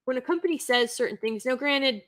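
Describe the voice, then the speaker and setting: A woman's voice: high-pitched, fairly quick, fairly bright tone. A woman hosting a live stream, giving an unscripted review in an indignant, emphatic way, with sighs and restarts.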